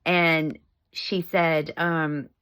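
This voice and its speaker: A woman's voice: low-pitched, little pitch movement, very slow, fairly bright tone, clear, resonant tone. A middle-aged woman telling a family story in a casual vlog, chatty and laughing often.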